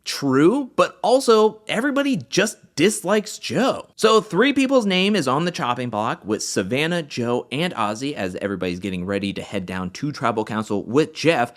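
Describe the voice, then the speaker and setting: A man hosting an animated episode recap, telling the story in a casual way and acting out the quotes. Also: medium pitch, moderate pace, hardly any pauses. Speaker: recap host.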